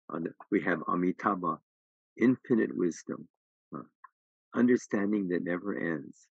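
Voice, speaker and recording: A middle-aged minister gives a dharma talk in a very low, gravelly voice. The voice is husky, and the sound is dull and dry. He tells his story with restarts and then presses his points emphatically. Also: no echo. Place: temple hall.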